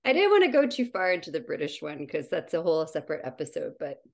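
A woman co-hosting a podcast in casual chat, playful and quick to laugh. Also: deep voice, sing-song, creaky. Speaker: podcast co-host.

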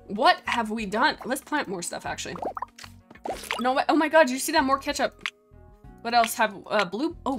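Young female streamer, bright excitable chatter with gasps and laughs, soft game music underneath. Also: mid-range voice. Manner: excitable, giggly, gasping, voices the pets' thoughts. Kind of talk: casual gameplay commentary.

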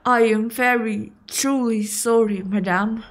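A reluctant young debt collector in a horror game apologizes in a subdued, hesitant voice, slow and heavy, as a woman reads him. He is dutiful but plainly sorry. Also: a little high, steady tone. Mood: somber.

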